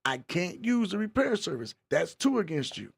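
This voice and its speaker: A man's voice: high voice, sing-song, normal speed, vocal fry, over loud music. A man hosting a casual livestream podcast, playfully teasing and reading chat comments aloud. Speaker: podcast host.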